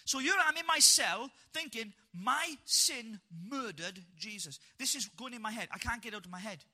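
A Welsh man telling his life story as a testimony to a live audience, animated and humorous, with punchy asides. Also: extremely high pitch, fast talker.

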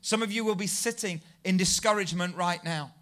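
A man preaching a sermon, telling stories in a lively, self-deprecating way and building to near shouts. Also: sits high, fairly quick. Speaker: pastor.

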